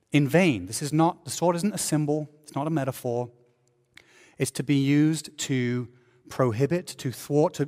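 A man preaching a sermon as pastor, animated, with joking asides and sarcasm. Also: on the high side, long reverb tail.

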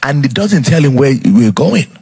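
A male preacher with a husky, slightly rough voice delivers a sermon. His pitch swings widely as he retells a scripture story with dramatic flair. He keeps turning to his listeners with rhetorical questions. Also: sing-song, normal speed, a little mellow.

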